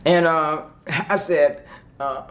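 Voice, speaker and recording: A woman's voice: deep voice, fairly even intonation, slow pace. A woman tells her own story of turning her life around. She is emphatic and heartfelt, breaks into laughter often, and plays out the things she once said. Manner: vivid storyteller who acts out her own past words. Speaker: employee sharing a success story. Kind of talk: personal testimonial.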